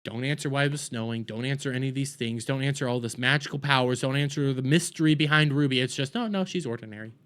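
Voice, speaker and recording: A man hosting a TV review, ranting in exasperation and swinging between loud outbursts and low muttering. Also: little pitch movement, fast talker, hardly any pauses, smooth. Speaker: TV review host.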